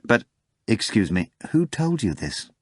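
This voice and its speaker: A man's voice: fairly low pitch, sing-song, measured pace, slightly rough, no echo, exaggerated voice. A man reading an audiobook, voicing a middle-aged male professor of medicine who speaks curtly and dryly, puzzled by his patient. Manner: curt, dry, puzzled.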